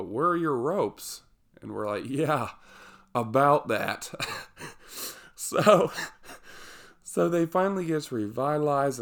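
A man telling a personal story with humor, lively and self-mocking, with jokey asides. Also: lowish voice.

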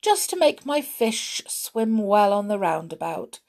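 A woman's voice: medium pitch, big pitch swings, unhurried, gravelly, darkish tone. A naughty, disobedient young boy from a storybook, cheeky and bold, as a woman reads him aloud. He sounds sure of himself and up to mischief.

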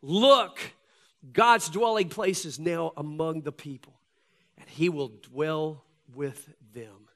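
A man preaching a sermon to his congregation, reading scripture aloud and swinging between loud, emphatic lines and hushed ones. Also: a little high, takes it slowly. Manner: addresses congregation directly as folks. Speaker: pastor. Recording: long hall reverb.

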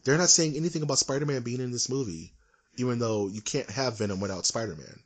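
A man co-hosting a casual podcast, ranting in an animated, emphatic way. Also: medium pitch, quick pace. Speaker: podcast co-host. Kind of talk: casual chat.

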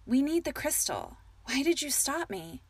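A woman voicing an earnest, anxious young fairy queen in a storybook reading, speaking higher and more urgently. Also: big pitch swings, a little slow, no room sound.

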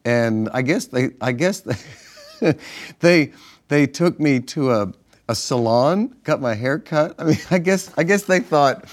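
A man's voice: mid-range voice, unhurried. Pastor, male, easygoing co-host telling stories on a ministry broadcast. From northern United States. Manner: relaxed storytelling with restarts and chuckles. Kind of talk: casual ministry broadcast chat.

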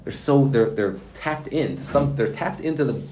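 There's roomy echo and slight background noise as a man at normal speed tells folksy, animated stories during a Torah lesson for yeshiva students. He mixes in Hebrew and Yiddish words, and his pitch sits in the ordinary middle range.

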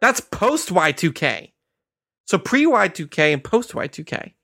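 A man co-hosting a podcast, casually chatting and teasing the others in quick bursts. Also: sits high, very animated, pushed and bright, dry recording, clean studio sound. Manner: joking, teasing, rapid bursts. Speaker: podcast co-host. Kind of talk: casual chat.

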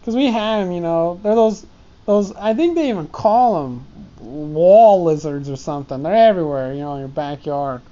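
A man's voice: on the high side, lively intonation, moderate pace, mellow, highs cut off. A man talking to his pet ant in a casual, meandering stream-of-consciousness monologue, often breaking off and chuckling.

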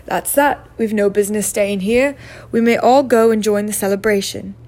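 A woman voicing an old male headmaster wizard who speaks in a measured, dryly amused way. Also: medium pitch, fairly even intonation, a little mellow, lightly acted. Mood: calm.

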